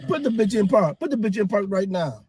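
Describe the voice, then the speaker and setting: A man in a comedy skit, a frantic passenger who rants and yells, swearing constantly. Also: high voice, expressive, brisk, husky, dry recording, rough recording. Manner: frantic, profane, yelling.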